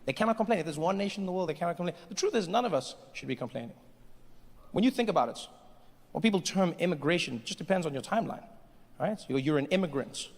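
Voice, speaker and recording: A man performing a stand-up comedy routine in an animated way, acting out characters in shifting voices before a live audience. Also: high voice, fast talker. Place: large theater with live audience. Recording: live hall recording with audience.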